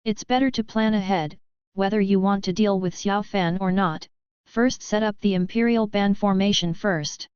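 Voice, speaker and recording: A woman voicing a calm, powerful male sect master in a storybook reading. He speaks slowly and matter-of-factly. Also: mid-range voice, smooth, dry recording, close to an everyday voice. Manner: slow, measured, matter-of-fact. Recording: slightly dull lo-fi recording.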